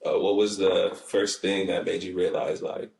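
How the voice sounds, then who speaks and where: A man hosting an interview, laid-back and quick to laugh, with short reactions. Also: low-pitched, monotone, creaky, a little mellow, far from the mic. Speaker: podcast host. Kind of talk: casual interview chat. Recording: roomy sound.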